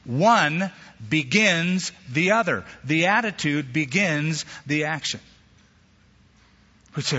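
A man preaching a sermon as pastor, animated, with sudden jumps in pitch and acted-out quotes. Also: slow pace, pauses often. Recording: echoey hall, slightly dull sound.

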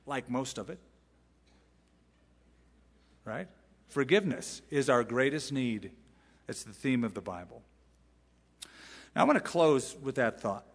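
A man's voice: medium pitch, animated, measured pace, vocal fry, pauses often. A male pastor preaching an expository sermon, emphatic and full of rhetorical questions and asides. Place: large church sanctuary. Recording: long reverb in a large hall.

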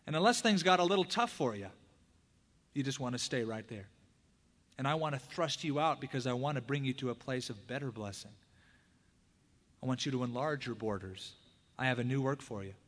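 Man preaching a sermon in a reverberant hall. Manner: conversational preaching, acting out quoted prayers and dialogue; big swings from loud emphatic peaks to hushed low asides. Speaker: pastor.

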